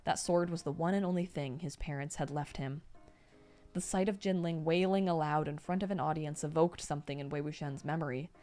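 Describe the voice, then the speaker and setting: A young woman streamer reading a novel aloud, steady between excited asides. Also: deep voice, a little fast, faint music behind. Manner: reads steadily, breaks off into excited reactions.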